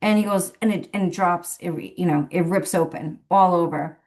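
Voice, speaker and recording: A woman's voice: fairly low pitch, moderate pace, darkish tone. A woman who works as a medium, telling a rambling story in a casual, chatty way and laughing often between phrases. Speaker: professional medium.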